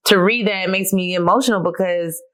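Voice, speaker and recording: Woman podcast host, low register, candid solo talk. Casual and heartfelt as she reflects on journal entries, emotional and near tears. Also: fairly quick, fairly bright tone. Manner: candid and conversational, addressing listeners as y'all; emotional, close to tears, with laughs.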